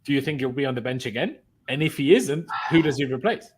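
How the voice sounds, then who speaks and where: A man's voice: medium pitch, expressive, fast talker, slight background noise. A man hosting a casual football chat on a live stream, opinionated and talking through his reasoning aloud. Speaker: host.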